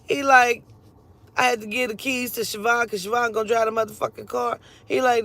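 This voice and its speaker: A woman telling a personal story in a casual, animated and profane way, acting out the other people's lines as she goes. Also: fairly high pitch, fairly quick.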